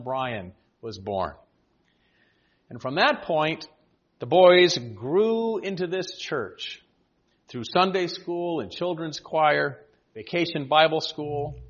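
Older guy pastor in his 60s reading his farewell speech, measured and earnest, bit of gentle humor, muffled lo-fi sound. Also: fairly high pitch. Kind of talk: reading a prepared farewell address to a congregation.

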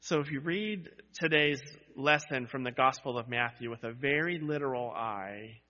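A man's voice: medium pitch, moderate pace, sharp tone. A man pastor preaching a sermon to his congregation, building to emphatic repeated cries and dropping into conversational asides. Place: church sanctuary. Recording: dull sound with long church reverb.

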